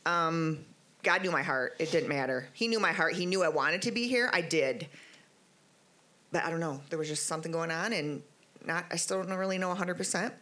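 A middle-aged woman giving a testimony at church, telling her story in an animated, rambling way with many fillers. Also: fairly low pitch, fairly quick. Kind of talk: spoken testimony.

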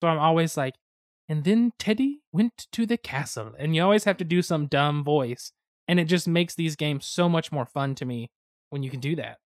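A man from the United States, co-hosting a podcast, telling board-game stories in a lively, chatty way with sudden fast bursts. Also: a little high, dry recording, studio quality. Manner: animated storytelling, quick bursts of speed. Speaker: podcast co-host. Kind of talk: casual chat about board games.

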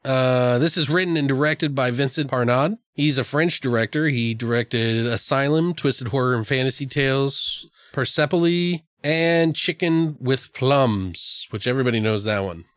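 Man co-host, loose profane movie chat, average pitch, dry mic. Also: normal speed, few pauses, no echo. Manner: rambling, profane, retells scenes in funny voices. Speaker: podcast co-host. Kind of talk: casual movie review chat.

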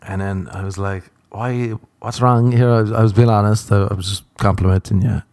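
A man's voice: sits low, little pitch movement, fast talker, darkish tone, no room sound. A man with an Irish accent, a podcast host, telling a comic story in a casual way. He acts out the dialogue with lots of laughter. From Ireland.

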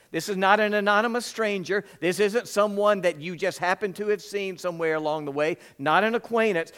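A man's voice: high voice, brisk, few pauses, a bit bright, clear, resonant tone. A man preaching a sermon as pastor, emphatic and repetitive, acting out the people in the story.

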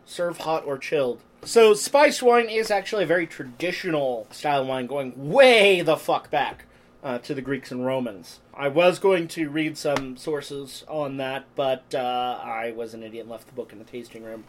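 A man's voice: medium pitch, moderate pace, a little hiss or hum. A man hosting a podcast, chatting casually and joking, often laughing. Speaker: podcast host. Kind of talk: casual chat. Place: apartment room.

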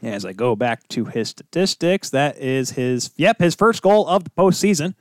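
A man hosting a casual hockey podcast, animated and teasing, breaking into loud bits. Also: medium pitch, normal speed, no echo. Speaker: podcast host. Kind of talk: casual sports chat.

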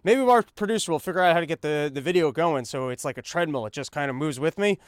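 A man's voice: a little high, quick pace, clean tone, dry recording, studio quality. A man hosting a comedic news monologue, rambling and sarcastic, talking while he paces on a treadmill. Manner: rambling, sarcastic, full of fillers and restarts; talks while pacing on a treadmill. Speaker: podcast host.

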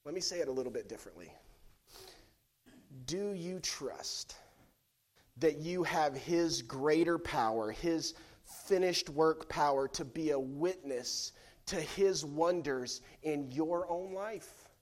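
A man with a high voice delivers a sermon at an unhurried, deliberate pace. He is a pastor in his thirties who tells a lighthearted story, acts out the quotes, and then builds to fervent preaching. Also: animated.

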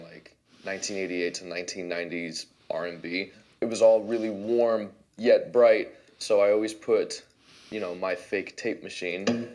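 A deep-voiced, slightly mellow man, a musician and producer, casually explains how he built his song in a loose, chatty way full of fillers. His own track plays faintly in the background.

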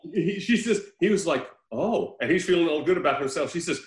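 A man hosting a casual podcast chat, telling a story in an animated way, laughing often and swearing freely. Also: a little high, fairly quick. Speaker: podcast host reviewing a film. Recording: roomy echo.

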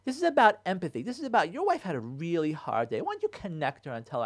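A man, a rabbi, giving marriage advice on a radio show in an animated way, repeating phrases and mixing in Hebrew terms. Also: very high voice, quick pace, hardly any pauses. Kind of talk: radio talk. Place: radio studio.

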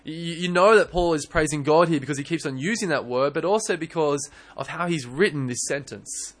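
A young man preaching a sermon in church, earnest and animated, often restarting his words. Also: a little high, a little fast. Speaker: pastor.

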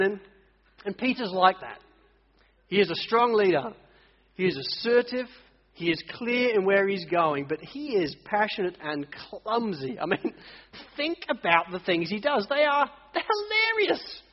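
A man preaching a sermon, telling stories with animated, acted-out voices. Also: very high voice. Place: church hall. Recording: dull audio, long church reverb.

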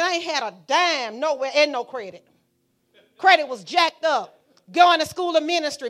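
Bright fiery woman pastor. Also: extremely high pitch. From Alabama. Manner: fiery, preaching with call-and-response. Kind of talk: sermon.

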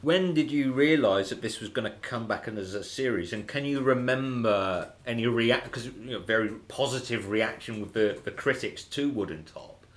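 Male podcast host, eager interviewer, medium pitch, reacts with delighted exclamations. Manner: enthusiastic, quick exclamations of wonder.

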